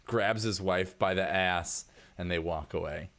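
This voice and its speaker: A man's voice: sits low, a little slow, fairly bright tone. A man narrating as game master in a loose, casual way, full of fillers.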